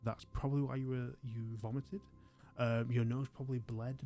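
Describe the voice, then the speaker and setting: A man's voice: mid-range voice, little pitch movement, moderate pace, dark tone, faint music behind, lightly acted. Man doing a flustered, hesitant ship's doctor. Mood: clinical, lecturing. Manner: awkward, hesitant, polite. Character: adult male ship's doctor, fussy and perplexed.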